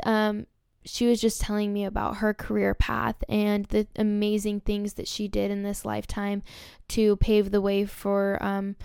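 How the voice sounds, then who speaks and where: A woman's voice: mid-range voice, creaky, a little mellow, clean tone, no echo, studio quality. A young woman hosting a podcast, telling a story in an emotional, gushing way with lots of fillers. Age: young adult. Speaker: podcast host. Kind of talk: casual storytelling monologue.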